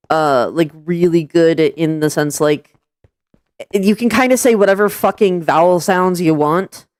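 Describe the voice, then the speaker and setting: A woman with a lowish voice hosts a live stream, chatting loosely with friends and wandering through her thoughts with plenty of fillers and restarts. Her voice sounds dry and close, with no room around it. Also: no echo. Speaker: streamer hosting a voice chat. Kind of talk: casual live-stream chat.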